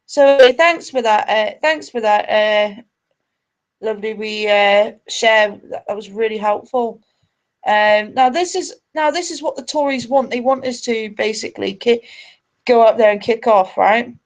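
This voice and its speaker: A woman's voice: a little high, unhurried. A woman hosting a live stream, angry, sweary and ranting. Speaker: livestream host.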